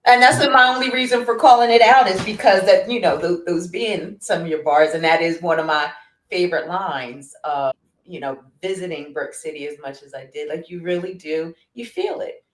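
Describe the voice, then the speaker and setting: A woman hosts a casual chat with a slightly low voice. She mostly gives short affirmations and asks playful questions. Her voice sounds roomy, with audible echo. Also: moderate pace.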